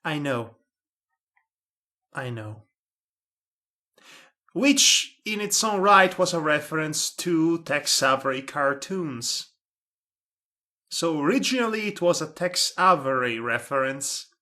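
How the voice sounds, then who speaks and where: A man's voice: on the high side, lively intonation, takes it slowly, pauses often, bright, forceful tone. A man reading a comic story aloud, breaking off for sarcastic asides. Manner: sarcastic asides and laughter between lines. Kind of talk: comedic dramatic reading.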